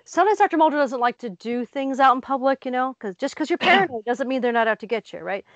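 A woman co-hosting a casual talk show, telling stories with lively acted-out voices. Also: high-pitched, fast, dry recording. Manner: lively storyteller, acts out voices. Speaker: co-host. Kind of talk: casual chat.

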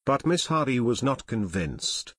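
A man reads an audiobook with steady, even delivery. His voice sits at an ordinary middle pitch. The recording is close and dry, with no room sound. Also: unhurried, breathy edge, no room sound. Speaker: audiobook narrator. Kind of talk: scripted narration.

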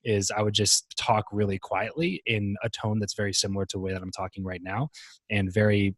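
A man talking as a podcast guest in casual interview chat, relaxed and rambling, with many fillers and restarts. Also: on the low side, brisk, no room sound.

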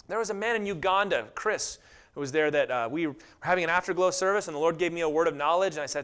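Animated preacher with a lively high voice. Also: male voice, rapid-fire, clean tone. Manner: animated storytelling, acts out quotes with lively voices. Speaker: pastor. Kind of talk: sermon.

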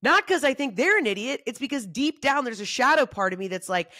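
A woman comedian talking in a casual solo monologue, animated and swearing freely, acting out other people's voices. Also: brisk, hardly any pauses, dry recording, studio quality. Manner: acts out quoted voices in shifting pitch. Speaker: comedian and podcast host.

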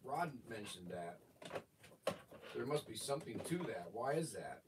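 A man hosting a livestream in casual chat, with gruff, grumbling banter. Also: fairly low pitch, very animated, unhurried. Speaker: livestream host. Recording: distant mic, noisy room.

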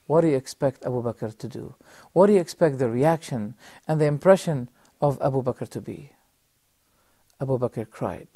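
Earnest male preacher with mellow voice. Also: medium pitch, slightly rough, no room sound. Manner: earnest, measured, with pauses and rhetorical questions; addresses the audience directly. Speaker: religious teacher and TV presenter. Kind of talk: religious lesson with storytelling. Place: TV studio.

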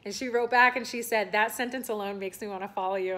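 A woman's voice: on the high side, quick pace, few pauses, fairly bright tone. Young woman rambling to her camera, chatty, lots of likes and ums. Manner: rambling, chatty, many fillers and restarts. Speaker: vlogger and aspiring content creator. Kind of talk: casual talking-head vlog.

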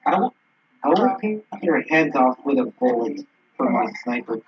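A man's voice: mid-range voice, expressive, moderate pace, husky. A young man chatting with friends while playing a shooter, making dry, teasing quips over a lo-fi line. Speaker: gaming friend. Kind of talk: casual gameplay banter.

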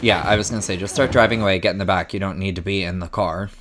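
A man's voice: deep voice, fairly even intonation, racing, very noisy. A man casually chatting and laughing while reacting to a horror film, swearing freely. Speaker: reaction channel host. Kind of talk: casual movie reaction chat.

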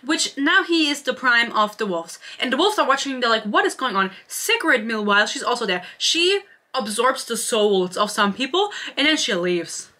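A woman's voice: on the high side, lively intonation, moderate pace, pushed and bright. A young woman in her twenties reviewing a book in a casual, sarcastic rant, swearing freely. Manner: sarcastic, swears freely, mimics characters in quotes.

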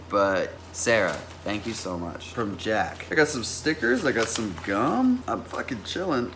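A young man in his twenties, chatting casually and swearing a lot as he opens fan mail, jumping to high-pitched exclamations. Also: animated, normal speed, fairly bright tone, slight background noise. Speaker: musician vlogger opening fan mail. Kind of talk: casual vlog.

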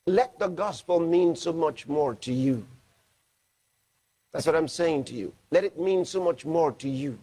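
Husky-voiced man preaching a sermon. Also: fairly high pitch, mellow. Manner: emphatic preaching, slows to read scripture aloud. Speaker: pastor.

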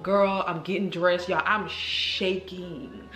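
A woman vlogger telling a story to her viewers in a chatty, animated way, speaking straight to the camera. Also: on the low side, takes it slowly, hardly any pauses. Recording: roomy echo.

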